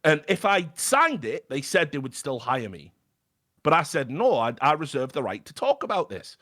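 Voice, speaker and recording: British male guest, animated storyteller, high-ish voice, salty language. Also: normal speed. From Britain. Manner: animated, swears freely, stammers and restarts. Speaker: podcast guest. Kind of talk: casual storytelling chat.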